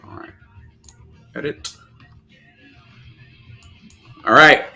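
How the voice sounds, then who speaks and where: A man hosting a casual live stream, rapidly listing names and breaking into excited outbursts and curses. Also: faint music behind, poor audio. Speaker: live stream card seller.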